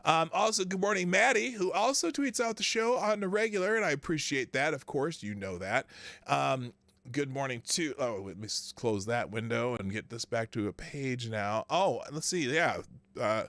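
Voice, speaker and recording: A man with a mid-range, slightly bright voice hosts a live stream, recorded dry. Chatty and rambling, he reads viewers' names off the chat to greet them and laughs to himself.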